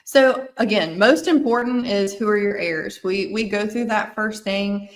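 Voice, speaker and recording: A woman's voice: medium pitch, unhurried. A woman with a Mississippi accent, an attorney on a podcast, explaining estate planning in an earnest, thorough way and often restating her points.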